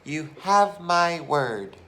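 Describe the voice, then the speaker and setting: A man voicing a small, polite male mouse in a children's storybook reading, speaking softly and daintily. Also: fairly high pitch, expressive, very slow, a little hiss or hum, voice pushed up, exaggerated voice.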